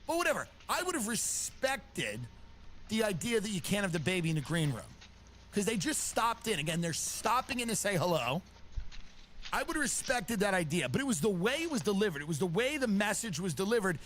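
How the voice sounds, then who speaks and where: A man's voice: high-pitched, big pitch swings, a little fast, a little hiss or hum. A man, a stand-up comedian, telling a story as a profane comic rant and acting out other people's lines. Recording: loud music behind the voice.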